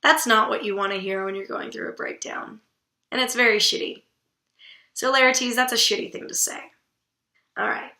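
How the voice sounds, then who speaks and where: A woman vlogger talks about literature in a casual, blunt way, with an irreverent edge and offhand swearing. Her voice is bright and a little high. The recording has a noticeable roomy echo. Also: fairly even intonation, normal speed, pauses often. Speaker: book vlogger host.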